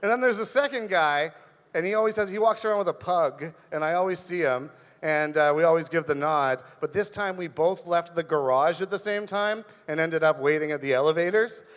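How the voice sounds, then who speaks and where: A man with a high voice doing a stand-up set, rambling from one story to the next with animated bursts. His voice rings out with a long hall reverb. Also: a little fast. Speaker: stand-up comedian. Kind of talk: stand-up comedy monologue.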